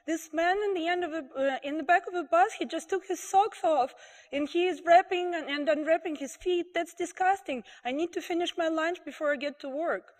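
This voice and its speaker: A woman's voice: high voice, animated, moderate pace, in a large hall. A woman voicing an indignant, pushy pregnant passenger who complains shrilly and insistently.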